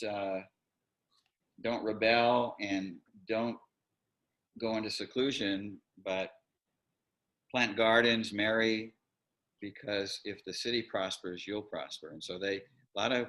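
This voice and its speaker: A man teaching an online Bible class in a relaxed, rambling way, often stopping to correct himself. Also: lowish voice. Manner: conversational, rambling with self-corrections. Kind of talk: casual online Bible lesson.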